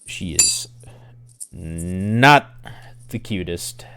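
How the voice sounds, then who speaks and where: A man's voice: low voice, lively intonation, very slow. A man narrating as game master of an online tabletop game, with dry, teasing banter. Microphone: streaming microphone.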